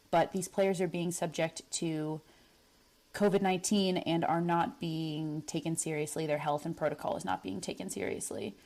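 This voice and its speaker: A young woman co-hosting a women's football podcast, giving a brisk news roundup. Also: on the low side, darkish tone. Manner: brisk, news-reader delivery. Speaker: podcast co-host.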